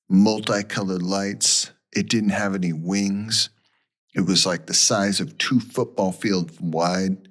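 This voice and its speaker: A man's voice: low voice, a little slow, fairly bright tone. A man co-hosting a podcast, telling a story in a casual, rambling way and acting out the people he quotes. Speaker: podcast co-host.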